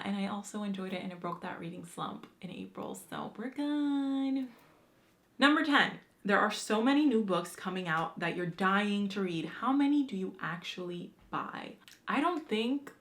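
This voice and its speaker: A young woman chats through a book tag on her vlog, lively and informal. She talks with plenty of slang and drops the occasional swear word. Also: medium pitch. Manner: chatty and animated, with slang and swearing. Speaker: book vlogger. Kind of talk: casual chat answering a book tag.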